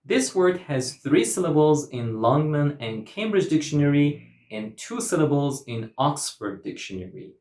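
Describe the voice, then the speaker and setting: A man gives a pronunciation lesson at a slow, careful pace, repeating each word and leaning on its stressed syllable. His pitch rises and falls widely, and the voice rings in a roomy, echoey space. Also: big pitch swings, darkish tone, a little hiss or hum. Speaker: English pronunciation teacher.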